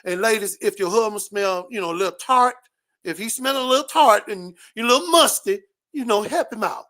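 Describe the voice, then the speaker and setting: Loud, preachy man ranting. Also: high voice, fairly quick. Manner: loud, preachy, swearing, repeats catchphrases. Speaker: show host. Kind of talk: profane comedic rant.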